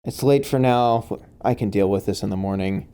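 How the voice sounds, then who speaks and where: A man voicing a kindly older woman who runs an orphanage, talking in a weary, soft-spoken way over a home chat mic. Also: lowish voice, moderate pace, clean tone, natural voice.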